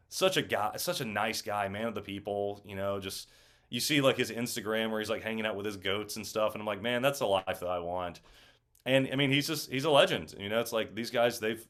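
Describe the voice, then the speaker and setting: Animated young man telling set stories. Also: lowish voice. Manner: animated storyteller, acts out quotes. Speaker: actor guest. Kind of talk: casual interview chat.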